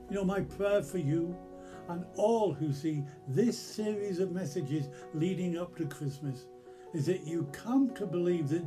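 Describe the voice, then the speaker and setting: A man with a British accent giving a measured, reflective devotional sermon as a church pastor. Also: a little high. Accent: British English. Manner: slow, measured, reflective delivery.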